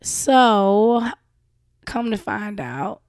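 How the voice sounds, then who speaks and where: A woman's voice: medium pitch, expressive, drawn-out words, no echo, studio quality. A young woman host with a cough, venting candidly and profanely to her listeners in a casual monologue. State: sick with a cough. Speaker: show host.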